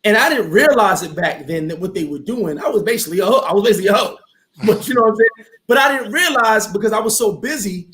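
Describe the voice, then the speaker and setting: A man hosting a casual talk show, speaking in a lively, preachy motivational way. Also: high voice, fast, slight background noise. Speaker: host. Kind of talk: casual chat.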